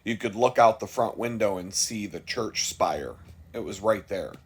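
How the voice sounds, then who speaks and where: Middle-aged man, low-pitched, unscripted vlog storyteller, candid and rambling, swears freely. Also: normal speed, slightly rough. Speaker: vlogger.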